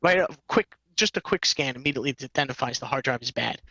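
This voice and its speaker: A man's voice: medium pitch, fast talker, pushed and bright, no room sound, muffled recording. A man co-hosting a podcast, rambling through a story in casual chat, acting out quotes and laughing often. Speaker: podcast co-host.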